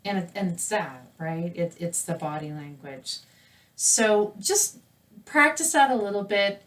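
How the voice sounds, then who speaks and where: A woman teaching public speaking in a recorded lesson, with a lively, conversational delivery where her voice rises and falls. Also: mid-range voice, recorded from a distance, slight background noise. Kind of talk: presenting a recorded lesson to camera.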